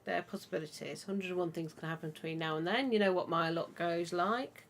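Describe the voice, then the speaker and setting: A woman's voice: lowish voice, fairly quick, vocal fry. A woman hosting a podcast, talking in a chatty, rambling way. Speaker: podcast host. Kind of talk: casual chat.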